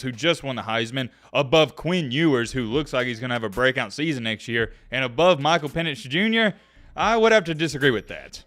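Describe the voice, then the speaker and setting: Animated man giving sports takes. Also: medium pitch. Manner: emphatic, direct, addresses viewers. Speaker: sports YouTuber. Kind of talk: opinionated sports commentary vlog.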